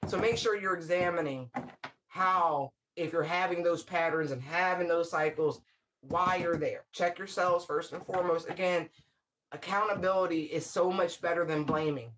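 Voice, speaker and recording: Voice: mid-range voice, moderate pace, a bit bright, a little hiss or hum. A tarot reader talks through a spiritual reading in a loose, unscripted monologue. The delivery is blunt and peppered with swearing, drifting into wry asides. Laughter keeps breaking into the sentences. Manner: laughs often mid-sentence.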